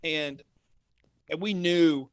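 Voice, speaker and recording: An animated male guest from Texas with a slightly high voice, telling stories and slipping into mock voices. The sound is dry and close. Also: takes it slowly, clear, resonant tone, no echo. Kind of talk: casual chat.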